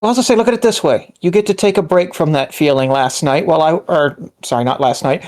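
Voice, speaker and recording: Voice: mid-range voice, quick pace, hardly any pauses, a little mellow. Teasing player in casual group chat. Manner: teasing, talks over others, swears casually. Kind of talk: casual chat among friends.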